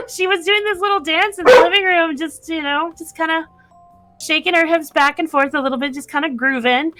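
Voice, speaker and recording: A woman chatting casually as a guest on a call-in show, talkative and quick to laugh. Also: extremely high pitch, fairly bright tone, no room sound. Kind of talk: casual chat.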